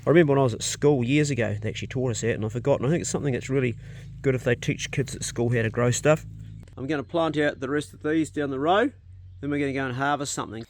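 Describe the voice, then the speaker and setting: A man's voice: mid-range voice, quick pace, a little hiss or hum. Easygoing male homesteader outdoors. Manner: chatty, easygoing, talks to his animals. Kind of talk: casual outdoor vlog commentary. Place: outdoors on a rural farm paddock. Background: sheep and dogs nearby.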